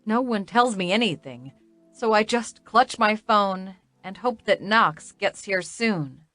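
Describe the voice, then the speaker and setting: Woman audiobook narrator, slow, tearful first-person reading, dry close mic. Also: mid-range voice, lively intonation, fairly bright tone, no echo, faint music behind.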